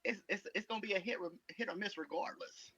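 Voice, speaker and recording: Blunt laid-back guy, husky voice, dull lo-fi mic. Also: sits high, quick pace, pushed and bright, dry recording. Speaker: podcast panelist. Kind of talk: casual podcast chat.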